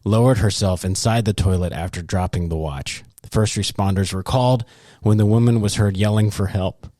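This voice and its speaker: A man's voice: on the low side, normal speed, no echo, studio quality. A man hosting a casual podcast chat, telling stories with frequent laughter. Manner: animated storyteller who laughs often. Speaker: podcast host.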